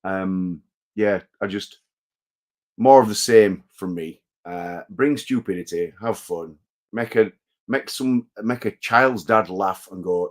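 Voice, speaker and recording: A man's voice: deep voice, unhurried. A man, a wrestler guesting on an interview show, telling rambling self-deprecating stories. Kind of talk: casual interview chat.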